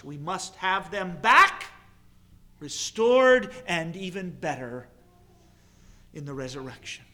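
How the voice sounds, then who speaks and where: Male pastor, higher voice, unhurried emphatic sermon delivery. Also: pushed and bright. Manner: measured, emphatic preaching with pauses and repetition.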